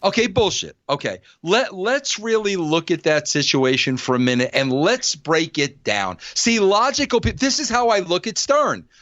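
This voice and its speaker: Older podcast guy, says bro a lot, kinda high voice, dead dry room. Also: normal speed, few pauses, no echo, lo-fi sound. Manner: blunt, animated, says "bro" often. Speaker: podcast host. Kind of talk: casual podcast talk.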